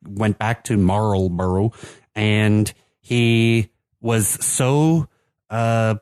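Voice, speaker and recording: A man with an American accent and a lowish voice, talking in a relaxed, rambling way full of fillers. The sound is dry and close, with no room around it. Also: extremely slow, clean tone, dry recording. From United States. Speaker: podcast co-host presenting the beer. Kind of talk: casual chat.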